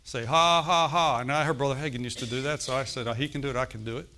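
A man's voice: medium pitch, steady tone, very fast, fairly bright tone, a little hiss or hum. A middle-aged man preaching a sermon in a conversational way, often checking in with "okay?" and "amen". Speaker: pastor.

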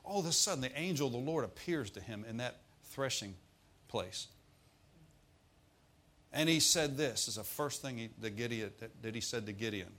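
A man's voice: medium pitch, lively intonation, moderate pace, fairly bright tone. A man preaching a sermon in a folksy, humorous way, with asides to the congregation.

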